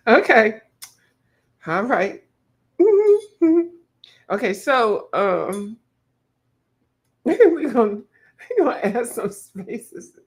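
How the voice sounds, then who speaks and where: A woman's voice: a little high, very animated, drawn-out words, long pauses. A woman hosting a painting livestream, laughing a lot and teasing viewers as she reads the chat.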